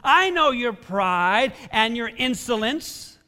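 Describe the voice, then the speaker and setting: A man's voice: high voice, very animated, normal speed, pushed and bright, in a large hall, exaggerated voice. A man preacher voicing an angry, scornful older brother who is a soldier, sneering and accusing.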